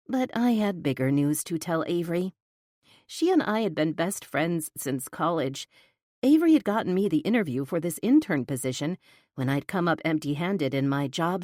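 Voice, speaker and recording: A woman narrating a first-person romance audiobook with an expressive, flustered inner voice, close to the mic. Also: sits low, no room sound.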